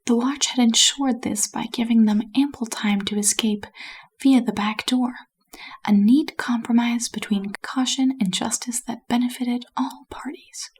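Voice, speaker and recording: A woman whispers a bedtime story in a soft, unhurried hush, as a calm whispered role-play. Her voice sits a little high and stays breathy and airy throughout. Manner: soft, unhurried, hushed reading.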